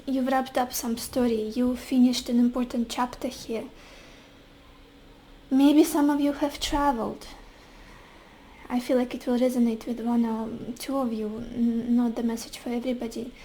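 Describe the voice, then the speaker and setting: A woman giving a tarot reading to camera, talking softly with many pauses and fillers. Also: on the high side, flat delivery, slight background noise, poor audio. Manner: soft, searching, often pausing with fillers. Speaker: tarot reader.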